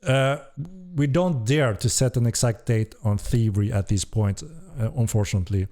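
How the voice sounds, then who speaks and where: Hosting a casual live-stream Q&A as a game developer, a man reads questions from chat at a moderate pace in a fairly low voice. His speech is relaxed and a bit hesitant, with some casual swearing.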